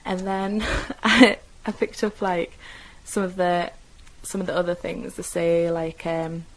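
A young woman from North East England speaks with a softened Geordie accent in a slightly low register. She recalls her own life in an easygoing, rambling way, peppering her speech with fillers and stopping to fix her own words. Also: flat delivery, measured pace, a crowd in the background, poor audio. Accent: mild Geordie. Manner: chatty, with frequent fillers and self-corrections. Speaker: interviewee describing her own dialect. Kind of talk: casual personal recollection.

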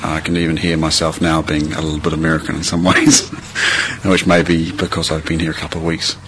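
Deep, flat-voiced New Zealand man. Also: brisk, background noise. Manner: relaxed, rambling, many fillers and restarts. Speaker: interviewee. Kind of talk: reading a passage, then casual chat.

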